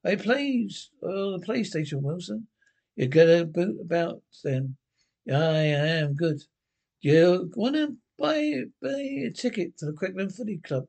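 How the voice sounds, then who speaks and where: Sitcom role: a nosy, blunt pensioner, sweary and quick with banter, voice a touch high. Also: male voice, gravelly, a little mellow, full character voice. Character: grumbling older Glasgow pensioner, nosy and sharp. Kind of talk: TV sitcom acting.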